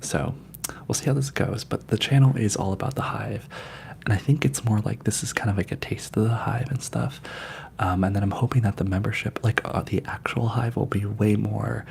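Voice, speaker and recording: A man hosting a livestream, chatting in a soft, mostly whispered ASMR voice and rambling with many fillers. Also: lowish voice, fairly even intonation, normal speed, vocal fry, a little hiss or hum. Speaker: ASMR channel host.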